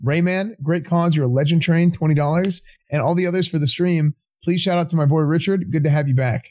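A man's voice: on the high side, a little fast, a little mellow. A man co-hosting a charity livestream, reading donation messages aloud in an easygoing way. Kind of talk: casual livestream chat.

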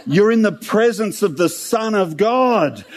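A man's voice: high voice, animated, measured pace. A man voicing the voice of God speaking from a cloud in a sermon. It is a blunt, mock-stern and humorous scolding. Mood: exasperated. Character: booming divine voice from a cloud, exasperated and blunt.

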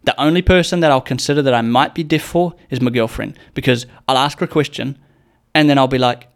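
A young man hosting a solo podcast talks fast at medium pitch. He rambles casually, cracks jokes, swears a lot, and performs the quotes he brings up.

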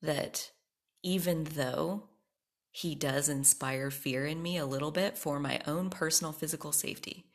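A woman's voice: sits low, measured pace. A woman hosting her own podcast, talking candidly and with emphasis in a personal monologue, swearing freely. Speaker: podcast host.

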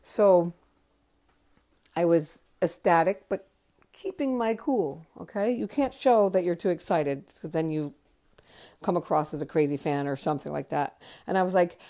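A woman in her fifties, a podcast host telling her memories in a chatty, conversational way that drifts softer at times. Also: on the low side. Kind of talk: casual memoir storytelling.

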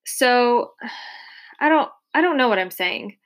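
A woman's voice: on the high side, animated, takes it slowly, fairly bright tone. A woman voicing an awkward, flustered teenage boy who blurts and hesitates in an audiobook reading.

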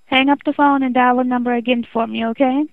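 A woman's voice: high voice, steady tone, fast, dry recording. A woman working a customer service line who patiently repeats instructions to a confused caller. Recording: tinny phone line.

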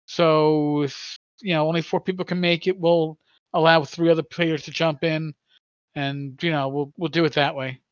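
A man's voice: on the high side, level tone, moderate pace, smooth, dry recording, muffled recording. A man in his sixties, a podcast co-host, telling a long rambling story in casual chat with many stammers and restarts.

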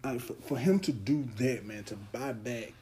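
A young man with a dark, mellow voice hosts a podcast alone, talking in a loose, earnest monologue. He speaks with heartfelt conviction and often stumbles back over his words before pushing on. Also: mid-range voice, moderate pace, husky. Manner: earnest, heartfelt storytelling with many restarts. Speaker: podcast host. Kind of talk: casual monologue.

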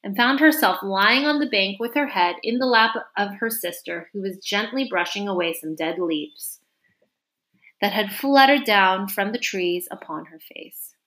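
A woman reading a classic storybook aloud in an expressive, animated narration. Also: mid-range voice, measured pace.

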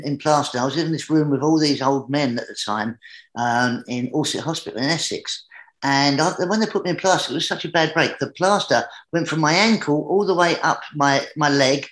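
An English man, a guest entertainer, telling a comic anecdote in a lively manner that builds as the story climbs. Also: a little high. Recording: roomy echoey room.

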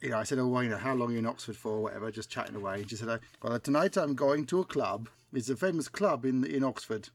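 A man's voice: medium pitch, fast, hardly any pauses. A man co-hosting a casual podcast chat, rambling through anecdotes and laughing often. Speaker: podcast co-host.

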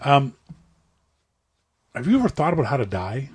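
A man's voice: medium pitch, big pitch swings, normal speed, a little mellow, slightly rough. A man from Nova Scotia, Canada, telling rambling stories in a casual chat as co-host, with many restarts. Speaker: podcast co-host.

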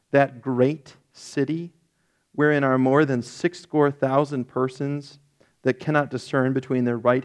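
Easygoing pastor teaching from scripture. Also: male voice, medium pitch. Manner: relaxed, self-correcting, lightly joking; reads scripture aloud with rising emphasis. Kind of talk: casual Bible-teaching sermon.

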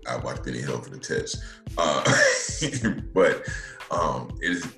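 A man's voice: a bass voice, unhurried, a bit bright, reverberant, faint music behind. An American man chatting casually and joking, with many "like" fillers. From United States. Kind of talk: casual comedic chat.

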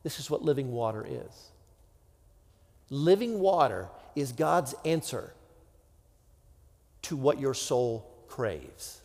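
A man's voice: mid-range voice, big pitch swings, takes it slowly, pauses often, a little mellow. A man preaching a sermon in a conversational way, dropping to near-whispers for effect and acting out imagined voices. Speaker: pastor. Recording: long hall reverb.

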